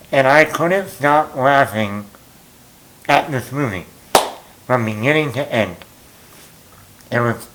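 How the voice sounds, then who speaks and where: A man's voice: medium pitch, a bit bright, low-quality recording. A man chatting casually as a movie vlogger, telling a story in a rambling, self-mocking way with lots of fillers.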